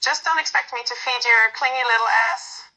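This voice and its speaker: A woman voicing a fond, teasing young woman who gently comforts a friend. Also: on the high side, moderate pace, poor audio. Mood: gentle, reassuring.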